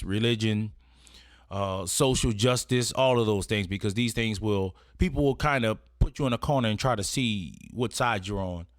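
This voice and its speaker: A man with a fairly low voice gives an etiquette lesson in a casual, instructional way, partly reading from a script and often checking in with "right?" to keep it conversational. The recording is clean studio sound with no echo.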